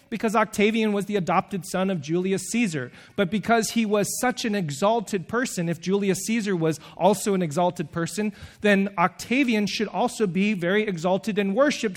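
A man delivers a sermon in a lively, animated way. His voice sits high for a man, and he slips into the voices of the people he quotes. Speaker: preacher.

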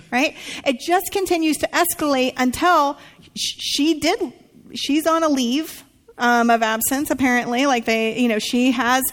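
A woman preaching to a congregation, telling a story with lively acted-out quotes. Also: high-pitched. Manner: animated storytelling, acts out quotes. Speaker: pastor. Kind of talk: sermon dialogue.

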